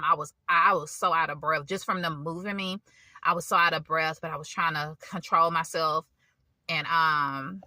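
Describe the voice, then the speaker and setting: A woman's voice: fairly low pitch, sharp tone, no room sound. A woman giving a casual personal testimony to her viewers, talking conversationally, calling them y'all and often restarting her sentences. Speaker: faith vlogger.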